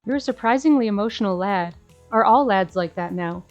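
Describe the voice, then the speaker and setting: A woman voicing a gentle, weary female demon in a visual novel, soft and a bit old-fashioned in her phrasing. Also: mid-range voice, a little fast, muffled recording, soft background music, natural voice. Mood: wistful.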